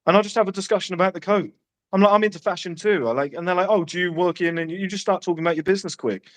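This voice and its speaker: Man, brash, swearing, casual podcast chat, slightly raised pitch. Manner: brash, swearing, quick one-liners. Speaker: podcast co-host giving dating advice.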